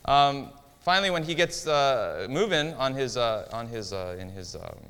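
A man's voice: mid-range voice, animated, normal speed, a bit bright, smooth. Man teaching a Bible lesson in a reverberant hall. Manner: conversational, quizzes listeners with questions.

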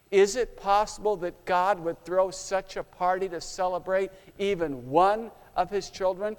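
A man's voice: sits high, fairly even intonation, unhurried, smooth. A man preaching a sermon, telling a story dramatically and acting out its scenes. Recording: long hall reverb.

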